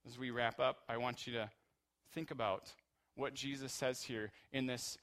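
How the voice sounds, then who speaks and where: A male pastor delivering a sermon, with passionate swings from quiet, low passages to loud, high-pitched peaks. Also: fairly even intonation, normal speed.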